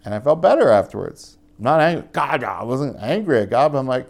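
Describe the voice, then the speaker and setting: A young adult man preaches in a casual, conversational way, his voice gravelly with fry. He often pushes into higher, more emphatic appeals, then settles back down. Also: sing-song, a little fast, few pauses. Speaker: pastor. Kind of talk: sermon.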